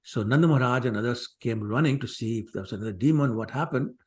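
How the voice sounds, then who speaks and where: A man gives a scripture class in a chatty, digressive manner. His pitch is middling for a man. He slips into the voices of the people in his stories. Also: quick pace, a little mellow. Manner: conversational, digressive, acts out quotes. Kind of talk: scripture class lecture with storytelling.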